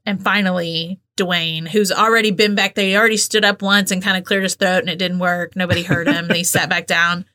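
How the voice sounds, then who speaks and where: A woman's voice: on the low side, fairly quick, hardly any pauses. A woman co-hosting a podcast, chatting casually and telling stories with enthusiasm. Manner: enthusiastic, animated storytelling. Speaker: podcast co-host. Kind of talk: casual chat.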